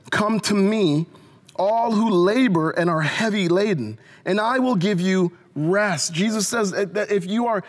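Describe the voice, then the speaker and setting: High-voiced male pastor preaching in a hall. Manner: earnest preaching with repeated restarts, asks the congregation to respond. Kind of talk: sermon. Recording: long hall reverb.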